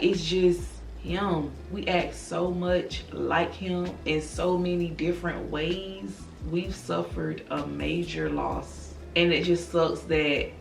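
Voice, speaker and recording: A woman in her thirties, grieving and subdued, talking slowly and softly to her viewers in a confiding way, calling them girl and y'all. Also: on the low side, gravelly. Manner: slow, soft-spoken, confiding, calls listeners girl and y'all. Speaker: vlogger. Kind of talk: personal direct-to-camera talk. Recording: roomy, distant from the mic, faint music.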